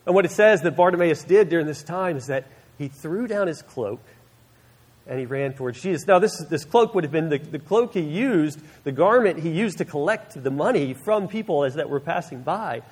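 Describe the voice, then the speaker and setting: Man, sermon, husky voice, somewhat high pitch, earnest storyteller, long hall echo. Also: expressive, normal speed. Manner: earnest storytelling, acts out the Bible scene. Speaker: preacher. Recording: long reverb of a large hall.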